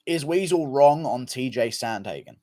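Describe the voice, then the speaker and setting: A man's voice: medium pitch, lively intonation, moderate pace, warm tone, no echo. A man hosting a casual livestream, reading viewer comments in a loose, offhand manner and swearing freely. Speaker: livestream host.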